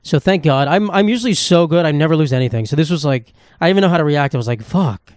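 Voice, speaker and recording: Guy rambling solo on his phone podcast, cussing a lot, kinda high voice, super dry sound. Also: very fast, a little mellow, no echo. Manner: rambling, profane, self-mocking storytelling. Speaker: podcast host. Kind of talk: casual solo monologue.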